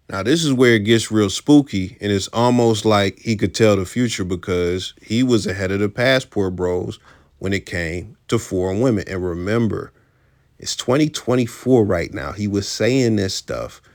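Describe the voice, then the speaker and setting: Low-voiced man giving casual commentary. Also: no echo, studio quality. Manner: emphatic, conversational, slangy. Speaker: commentary host.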